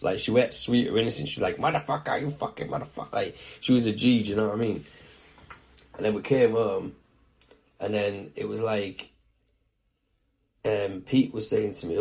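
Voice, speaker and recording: A man's voice: lowish voice, a little mellow. A young man hosting his own show, telling a story in a blunt, casual way, swearing freely and often checking that the listener follows. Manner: blunt, swears a lot, keeps asking "do you know what I mean". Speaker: video show host.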